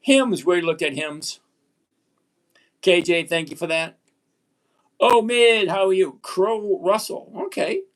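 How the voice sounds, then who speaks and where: A man in his sixties runs a live stock-trading stream, his voice sitting notably high for a man. He talks bluntly and with emphasis, slowing down to repeat the points he wants to stick. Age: 60s. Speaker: livestream host.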